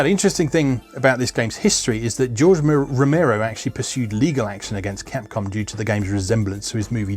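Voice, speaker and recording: A man's voice: medium pitch, darkish tone. A man giving casual, wry gameplay commentary as host of a retro game video, chatty with plenty of fillers.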